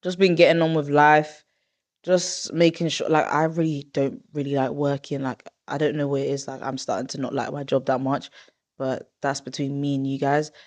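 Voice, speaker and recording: A woman in her twenties hosting a podcast in casual chat. She talks in an expressive, rambling way, with drawn-out groans of disgust. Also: deep voice. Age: 20s. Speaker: podcast host.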